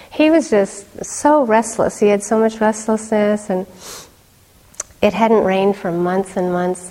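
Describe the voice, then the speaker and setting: A middle-aged woman teaching meditation in a dharma talk, conversational, with soft laughs and fillers. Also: medium pitch. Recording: long hall reverb.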